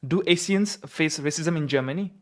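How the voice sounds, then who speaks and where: A man's voice: fairly high pitch, normal speed. A man from Nepal, hosting a casual live chat and asking questions in a chatty, easygoing way. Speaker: host.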